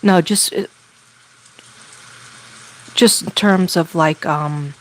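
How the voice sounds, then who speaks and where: A woman doing a spirit reading as a medium, talking haltingly and relaying messages with many fillers. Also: on the low side, a little hiss or hum, low-quality recording. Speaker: psychic medium.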